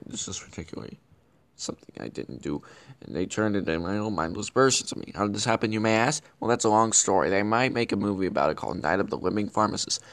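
A man with a lowish, natural-sounding voice plays the host of a comedic web show, a bumbling and scheming villain. It's a character vlog in which he rambles, stumbles and keeps correcting himself.

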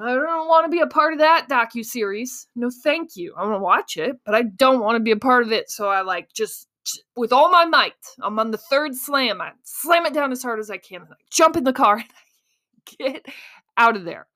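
Animated woman telling a story. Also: fairly high pitch, normal speed. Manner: animated, self-mocking, acts out her own panicked inner voice. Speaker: podcast host. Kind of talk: casual storytelling.

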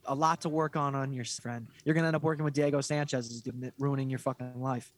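A man's voice: mid-range voice, steady tone, quick pace, no room sound. Blunt, profane man ranting. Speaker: podcast co-host. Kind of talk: casual chat.

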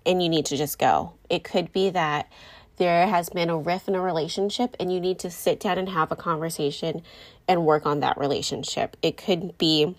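A young woman, a mom, talking candidly and rambling a little to her viewers, often correcting herself mid-sentence. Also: lowish voice. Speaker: mom vlogger. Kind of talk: casual talk to camera.

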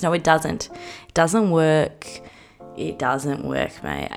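A woman's voice: low-pitched, very animated, normal speed, vocal fry, darkish tone, soft background music. A young Australian woman hosting her own podcast, rambling and giggly in a casual chat, swearing freely. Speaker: podcast host.

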